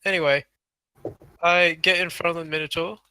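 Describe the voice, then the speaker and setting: A man playing a tabletop game, speaking hesitantly with many pauses. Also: on the high side, fairly even intonation, pushed and bright, clean tone, poor audio. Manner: hesitant, full of ums. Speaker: player.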